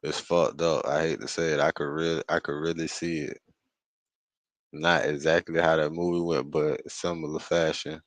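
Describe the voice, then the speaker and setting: A man co-hosting a casual talk show, speaking profanely and building into loud rants. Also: very deep voice, level tone, moderate pace, no echo. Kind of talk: casual chat.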